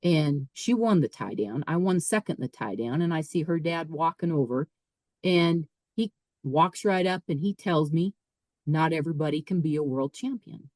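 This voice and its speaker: A woman's voice: low voice, lively intonation, normal speed, a little mellow, dry recording. A middle-aged woman, a podcast guest, telling a personal story emphatically, repeating phrases and voicing her own thoughts.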